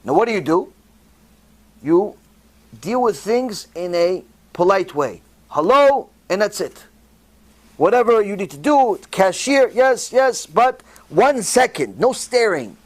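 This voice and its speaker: Animated, high-voiced man preaching. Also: unhurried. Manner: animated preacher, acts out quoted speakers. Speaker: rabbi. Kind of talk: sermon.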